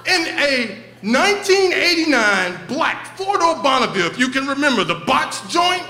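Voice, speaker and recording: A man telling a profane, comic story on stage at a live show, in an animated way. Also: very high voice, moderate pace, few pauses. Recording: echoey live venue.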